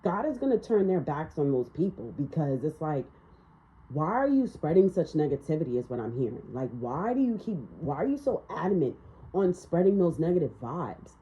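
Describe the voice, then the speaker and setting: A woman's voice: low voice, very animated, moderate pace, lo-fi sound. A woman giving a casual spiritual tarot reading in a blunt, ranting manner, swearing freely. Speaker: tarot reader.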